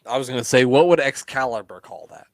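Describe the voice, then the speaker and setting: A podcast co-host from the US Midwest talks quickly in a mid-range voice, recorded dry. He's on a casual show commenting on a wrestling match, joking, swearing often, and laughing.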